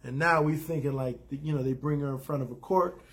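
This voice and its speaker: A TV episode recapper with a slightly high, steady voice talks briskly over a noisy background. His recap is casual and rambling, full of fillers and restarts, with blunt opinions and quick impressions of the characters' lines.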